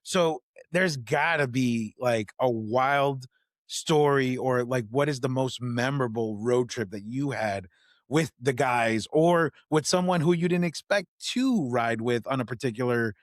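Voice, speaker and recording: Male podcast co-host, mid pitch, casual and jokey, dry close mic. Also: a little slow, no room sound. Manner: joking, loose, many fillers. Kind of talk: casual interview chat.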